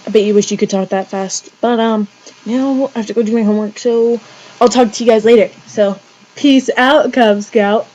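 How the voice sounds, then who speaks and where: A teenage girl talks straight to her camera in a home vlog. She is bubbly and theatrical, hamming up her jokes, and her voice sits a little high. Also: fairly even intonation, moderate pace, mellow, muffled recording. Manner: bubbly, jokey and dramatic. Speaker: vlogger. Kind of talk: casual home video vlog.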